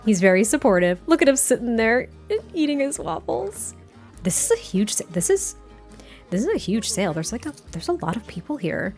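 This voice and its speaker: A woman giving casual gameplay commentary as a YouTuber, chatty, giddy and quick to laugh. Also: fairly high pitch, big pitch swings, darkish tone, soft background music.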